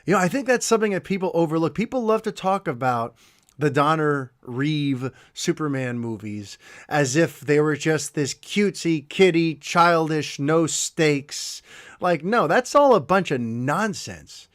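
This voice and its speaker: A middle-aged man hosting a podcast, telling a heartfelt story in an animated, emotional way, with quick asides. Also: on the high side. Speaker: podcast host. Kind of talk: casual podcast monologue.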